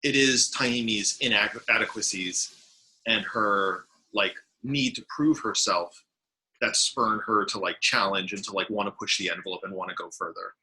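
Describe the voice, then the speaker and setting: Male tabletop player, bright and forceful tone, earnest, keen to reassure the table. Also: fairly low pitch, normal speed, poor audio. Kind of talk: out-of-game group discussion.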